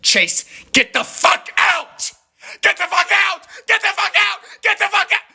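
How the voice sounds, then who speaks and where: Brief: panicky young woman, shrill and bright, shouting warnings; a man doing the voice. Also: huge pitch swings, slow, a faint crowd, exaggerated voice. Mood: panicked. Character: paranoid panicky young woman, high and frantic.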